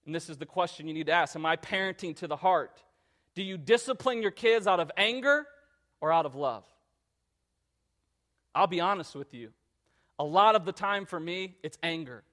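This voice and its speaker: A man in his thirties preaching a sermon in an earnest, conversational way that climbs to loud emphatic passages. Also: high-pitched, normal speed, pauses often. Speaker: pastor.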